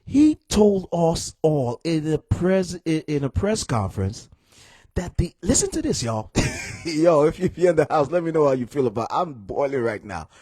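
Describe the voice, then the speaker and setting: Young guy ranting on a stream, kinda high voice, dry close sound, worked up and exasperated. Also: big pitch swings, moderate pace, a little mellow, breathy edge, no room sound. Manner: heated, exasperated, repeats himself, addresses viewers as y'all. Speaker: political commentator streaming live. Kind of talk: live stream rant.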